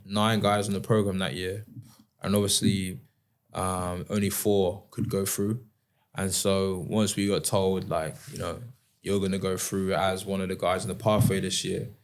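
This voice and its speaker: A young man from England, telling stories in a relaxed interview with many fillers. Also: sits low. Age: 20s. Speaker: guest, former rugby player. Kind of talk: casual interview chat.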